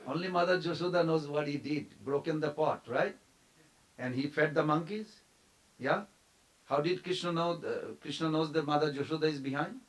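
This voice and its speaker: A man with a somewhat high voice leads a devotional story class. He talks in an animated way, stops often to quiz his listeners, and briefly acts out the figures he describes. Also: rough recording. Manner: animated, quizzes the audience, acts out quoted figures. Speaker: temple class speaker.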